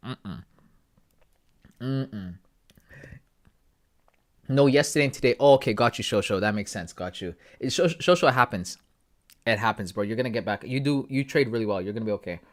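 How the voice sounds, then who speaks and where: A relaxed man from Ghana talks casually to his live-stream chat, cracking jokes and dropping slang. His voice sits at an ordinary, mid-range pitch. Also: fairly quick, long pauses. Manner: laid-back, joking, talks to chat with slang. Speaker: forex trading streamer.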